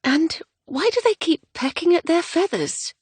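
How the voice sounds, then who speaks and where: Woman reading young heroine, lively, wry, raised bright tone, storybook romance. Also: extremely high pitch, unhurried, dry recording, voice pushed up. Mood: curious.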